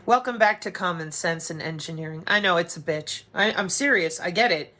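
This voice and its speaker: A middle-aged woman giving a profane, sarcastic monologue to camera, animated and blunt. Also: on the low side, fairly quick. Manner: profane, sarcastic, animated, slips into mocking voices. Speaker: vlogger.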